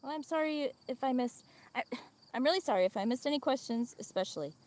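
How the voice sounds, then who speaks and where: A woman's voice: high-pitched, animated, quick pace, a little mellow. A woman with a Midwestern accent hosting a casual livestream outdoors on a farm, chatty and laughing often as she talks to her viewers and animals. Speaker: livestream host.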